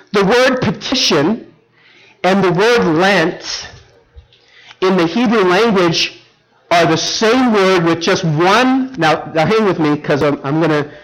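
High-voiced man preaching, checking in often. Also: fairly bright tone, rough recording. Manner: engaging, repeatedly checks in with the congregation; teacherly, walks through Bible verses word by word. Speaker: pastor. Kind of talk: sermon.

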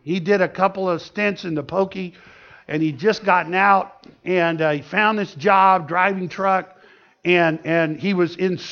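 High gravelly pastor guy telling a story in a sermon, lively, dull lo-fi recording. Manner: animated, laughing storyteller. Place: church. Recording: dull lo-fi sound.

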